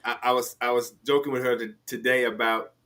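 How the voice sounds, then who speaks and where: A man's voice: mid-range voice, fairly even intonation, fairly quick, pushed and bright. A man from the Southern US, a podcast co-host, chatting playfully as a radio guest. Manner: playful, joking. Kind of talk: casual chat.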